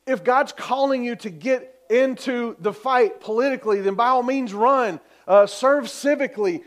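A man preaching a sermon as pastor, telling a story earnestly and building to emphatic exhortation. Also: high-pitched.

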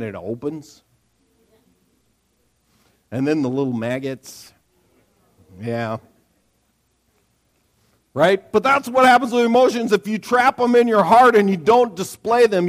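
Lively joking preacher man. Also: high voice. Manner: lively, jokey preaching with sudden loud outbursts. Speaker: pastor. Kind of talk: sermon. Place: church.

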